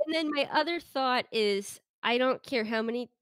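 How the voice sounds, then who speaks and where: A woman co-hosting a casual podcast chat, blunt and complaining, quick to laugh. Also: a little high, clean tone, dry recording, clean studio sound. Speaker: podcast co-host.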